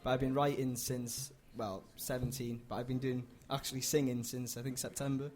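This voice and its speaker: A nineteen-year-old man from North Wales with a North Welsh accent, a guest singer who speaks quietly and shyly at a live venue mic. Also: medium pitch, flat delivery, moderate pace. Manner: shy, quiet, laughs often. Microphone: stage microphone.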